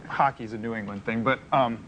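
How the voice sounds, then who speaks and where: A man's voice: medium pitch, steady tone, fairly quick, a bit bright, slight background noise, poor audio. A man from Boston, a guest cook on a cooking show, easygoing and agreeable as he talks through his recipe. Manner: easygoing, agreeable, says yep often. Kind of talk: casual cooking chat.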